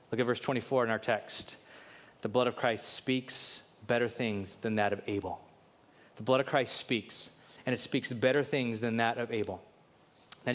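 A pastor delivers a sermon, shifting between loud, emphatic questions and soft, quiet lines while briefly acting out biblical figures in quick asides.

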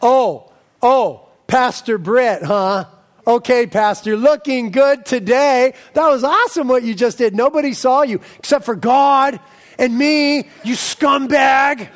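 Man doing a mocking devil voice, sarcastic, taunting, high. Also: slow. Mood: sneering. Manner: sneering, sarcastic. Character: mocking taunting male Satan voice.

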